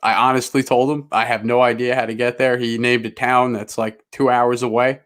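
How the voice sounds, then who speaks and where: A man's voice: medium pitch, level tone, a little fast, fairly bright tone. A man co-hosting a podcast, telling a long casual story in a rambling, self-mocking way and swearing freely. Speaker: podcast co-host.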